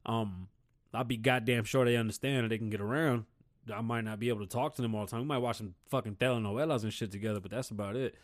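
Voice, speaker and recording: A man's voice: on the low side, fairly even intonation, fast. Heated, foul-mouthed man ranting. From Puerto Rican. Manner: blunt, heated, heavy swearing. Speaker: podcast host. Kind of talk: casual profane rant.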